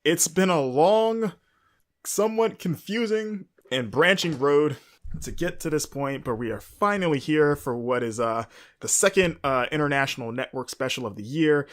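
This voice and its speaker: A man's voice: fairly high pitch, expressive, normal speed. A man hosting a podcast, talking through a casual recap and rambling with frequent hesitations and fillers. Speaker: podcast host.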